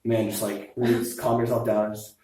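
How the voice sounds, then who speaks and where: A man's voice: fairly low pitch, little pitch movement, fairly quick, warm tone. A young man singer giving earnest coaching advice in casual chat. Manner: earnest, coaching, uses sports comparisons. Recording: echoey room, distant mic.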